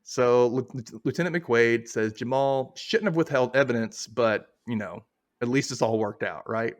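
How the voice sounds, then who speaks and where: A man's voice: medium pitch, moderate pace. A man hosting a podcast, casually retelling a TV episode with lots of fillers and asides. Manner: loose, rambling retelling with many fillers. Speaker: podcast host recapping a TV episode. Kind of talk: casual recap chat.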